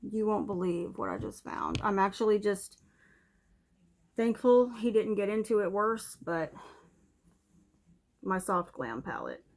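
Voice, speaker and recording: A woman's voice: mid-range voice, expressive, unhurried, pauses often, a little mellow, slight background noise. A young woman vlogging a casual, candid makeup review at home, a little out of breath and breaking off now and then to scold her dog. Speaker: beauty vlogger. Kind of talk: casual product review chat. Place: home room, TV on in background.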